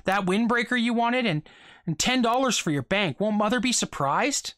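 The story's reader voicing an anxious working-class father whose voice climbs high when he is upset, read dry and close. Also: sing-song, fairly quick, fairly bright tone, dry recording. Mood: eager whisper. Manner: strained and pleading, voice rising under stress.

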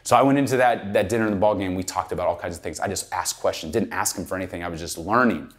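Animated storytelling male keynote speaker. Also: low voice, quick pace. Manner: animated, conversational, heavy use of "like".

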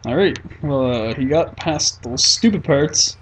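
Opgewonden jonge gamer, traag pratend. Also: male voice, on the high side, unhurried, husky. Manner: excitable, swearing and mock-frustrated. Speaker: let's play gamer. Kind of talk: casual gameplay commentary.

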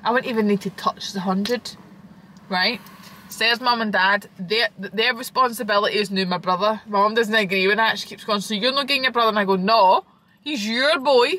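A young Scottish woman chatting casually as a vlogger, slangy and animated, swearing freely. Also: medium pitch, brisk, rough recording. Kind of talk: casual chat.

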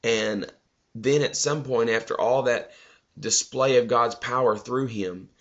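A man's voice: mid-range voice, a little slow, highs cut off. A male preacher giving a loose, conversational devotional sermon that often repeats words.

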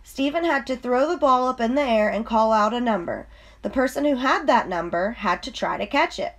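A woman reading a children's storybook aloud in a slow, clear storytelling manner. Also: a little high, animated. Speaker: reader.

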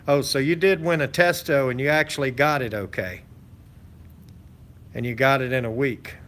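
A man hosts his channel in a casual live-stream chat, talking with viewers in a rambling, folksy way packed with fillers and restarts. His voice is medium-pitched and a bit bright, at a normal speed.

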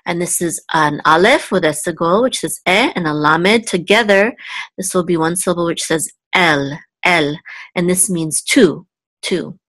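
A woman's voice: fairly low pitch, unhurried, fairly bright tone, no room sound. A woman teaching a live online Hebrew lesson, going word by word and checking in with "okay?". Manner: patient, repeats words, checks in with "okay?". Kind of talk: slow step-by-step language lesson.

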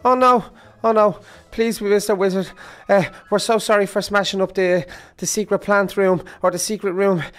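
A man improvising a game role-play, excitable and pleading, often stammering and restarting. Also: sits high, moderate pace, hardly any pauses.

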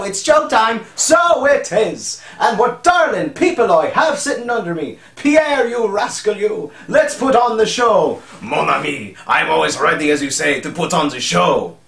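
A man's voice: high-pitched, very animated, normal speed, a bit bright, reverberant, pitched above the performer's own voice, full character voice. A man voicing a troupe of theatrical talking parrots, squawky and showy. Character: chattering cartoon parrots with mixed foreign accents.

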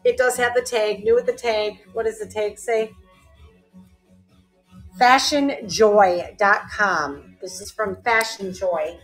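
A woman's voice: medium pitch, fairly even intonation, takes it slowly, soft background music. A woman hosting a live online clothing sale, chatting casually and calling out item sizes, often laughing. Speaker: live-stream seller host.

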